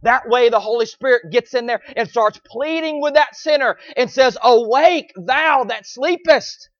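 High-voiced pleading preacher. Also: male voice, moderate pace, no echo, lo-fi sound. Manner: emphatic, repeats phrases, swings from loud pleading cries to low quiet lines. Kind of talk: sermon.

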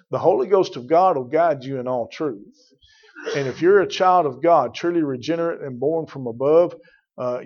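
A man with a fairly high, darkish voice delivers an emphatic sermon as pastor, repeating himself and speaking directly to congregation members by name. The recording, made in church, is muffled and lo-fi.

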